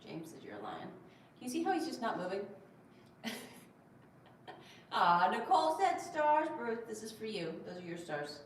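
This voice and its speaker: Female livestream host, relaxed and chatty, reads comments aloud; sits back from the mic in a boomy room. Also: normal speed, slight background noise. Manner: chatty, reads viewer comments aloud and coos at her cat. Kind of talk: casual livestream chat. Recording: very echoey room, distant mic, faint ambience.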